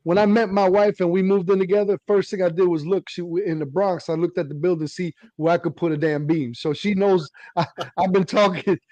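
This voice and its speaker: A middle-aged man, telling hobby stories in an animated, laughing casual chat. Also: high-pitched, fairly quick, no echo, highs cut off. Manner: animated storytelling, laughs while talking. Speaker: radio hobbyist guest.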